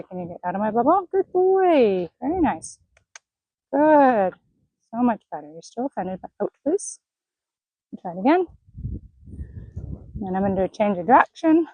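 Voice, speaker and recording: A woman horse trainer in an outdoor arena, gently praising and coaxing a horse while explaining her training to viewers. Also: mid-range voice, slightly rough, no echo, muffled recording.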